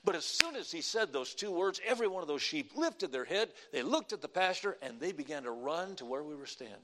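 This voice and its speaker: A male pastor preaching a sermon, telling a folksy story and then preaching slowly and emphatically with deliberate pauses. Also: on the high side, very animated, fairly bright tone. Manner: folksy anecdotal delivery.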